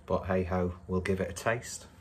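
A man casually reviewing food to camera from a home kitchen, in a relaxed, dry and self-mocking way. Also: deep voice, normal speed, slight background noise. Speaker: food vlogger.

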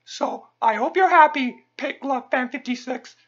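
A woman's voice: high-pitched, unhurried, husky. A woman host delivering a profane comic rant, angry and stammering, tacking on "okay?" after nearly every phrase. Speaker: channel host. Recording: dull lo-fi recording.

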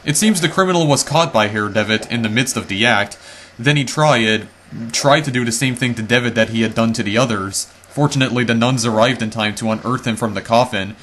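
A man reading the lines of a grave male investigator in a video game, in a measured, formal way. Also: mid-range voice, fairly bright tone, slight background noise, lightly acted. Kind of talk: reading game text aloud.

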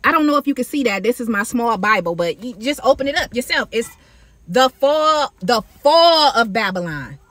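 A woman talks to her phone camera outdoors and preaches in an animated way. Her voice is bright and a little high, with a dry close sound. She calls her viewers baby and y'all. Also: normal speed, no room sound. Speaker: faith video creator. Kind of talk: casual Bible-study talk to camera. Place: outdoors in sunlight.

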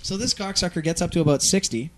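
A man's voice: sits high, fast, fairly bright tone. A man hosting a show, telling a long story in casual chat, rambling, swearing freely and using plenty of fillers. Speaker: host.

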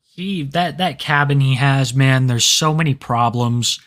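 A man's voice: mid-range voice, measured pace, fairly bright tone. A man co-hosting a stream show in casual banter, laid-back, mostly answering with short agreements. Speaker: co-host of a parody stream show.

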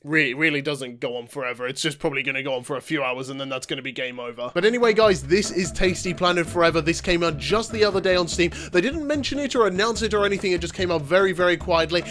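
A young man with a cold doing energetic, jokey let's-play commentary, swinging between loud theatrical outbursts and mutters. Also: on the high side, quick pace, few pauses. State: has a cold. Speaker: gaming YouTuber.

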